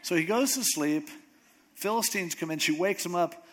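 A man preaching a sermon, retelling a story in a lively, joking way with asides. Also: high voice, moderate pace.

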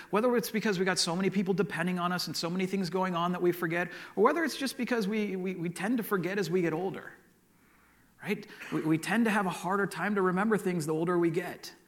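A man's voice: fairly high pitch, fairly bright tone. A pastor preaching a sermon, telling stories and often repeating words as he goes.

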